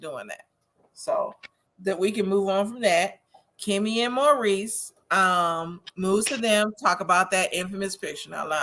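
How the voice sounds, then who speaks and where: Woman host from Wisconsin, casual recap chat, bright voice, opinionated and quick to laugh. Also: mid-range voice. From Wisconsin, USA. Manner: chatty, laughs often, opinionated. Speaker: host of a TV recap show reading viewer comments.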